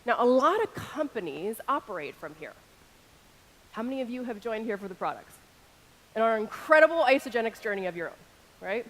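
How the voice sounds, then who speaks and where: A woman in her thirties giving a keynote speech on an arena stage into a stage microphone. She moves between loud shout-outs to the crowd and a slower, intimate delivery. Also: on the high side, very animated, a little hiss or hum. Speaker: keynote speaker.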